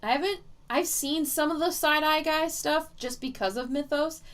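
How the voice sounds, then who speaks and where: A woman's voice: high-pitched, moderate pace, fairly bright tone. A woman psychic medium chatting casually on a livestream, reading viewer comments aloud and laughing often as she rambles.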